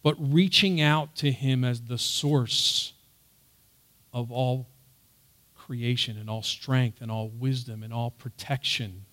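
A man's voice: medium pitch, fairly even intonation, slow. A man teaching a Bible passage in an earnest sermon style, raising his voice on the quoted words. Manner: earnest, loud on emphasized quotes.

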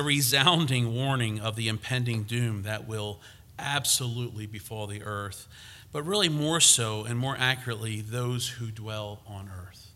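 Male preacher, very bright tone, emphatic teaching delivery with frequent restarts. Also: medium pitch, unhurried. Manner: emphatic, repeats himself with restarts and fillers. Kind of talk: sermon.

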